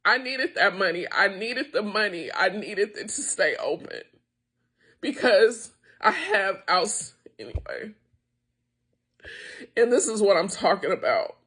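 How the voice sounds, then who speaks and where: Frustrated American woman, small-business owner, bright tense voice, raw vlog rant. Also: mid-range voice, very animated, unhurried, slightly rough. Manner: upset, frustrated, venting with profanity. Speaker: wine tasting room owner. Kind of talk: emotional direct-to-camera rant.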